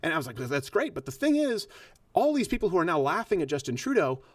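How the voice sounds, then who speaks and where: A man hosting a political talk show, talking fast and laughing often. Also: fairly high pitch, sing-song, dry recording. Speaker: show host.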